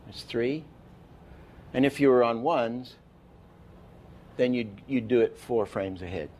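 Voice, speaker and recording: A man's voice: mid-range voice, slow pace, a little mellow, slight background noise. A man giving an animation masterclass lecture, explaining with false starts and counting frames aloud. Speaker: animation teacher.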